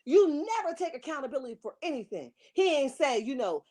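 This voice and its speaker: High-voiced woman in a fiery scolding rant. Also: very animated, a little fast, dark tone. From Camden, New Jersey. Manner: scolding, fiery, rhetorical questions. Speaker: online commentary host. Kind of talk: heated rant commentary.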